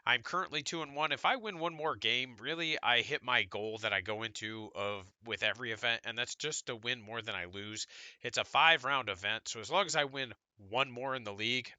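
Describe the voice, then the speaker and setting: A man's voice: medium pitch, brisk, no echo. Congested man giving a casual update. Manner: relaxed, rambling, self-deprecating. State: congested from illness. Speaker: gaming channel host.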